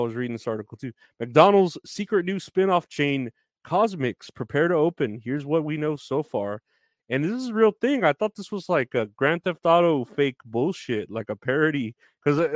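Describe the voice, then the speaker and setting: A man's voice: medium pitch, no echo. A man hosting a casual solo podcast, rambling loosely with many fillers and frequent laughs. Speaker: podcast host.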